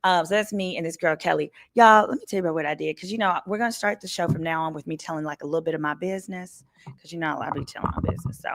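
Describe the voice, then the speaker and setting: A woman's voice: deep voice, very fast, gravelly. Chatty lady lawyer hosting a livestream. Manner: chatty, addresses viewers as y'all. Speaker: attorney and show host. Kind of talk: casual legal commentary livestream. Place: hotel room.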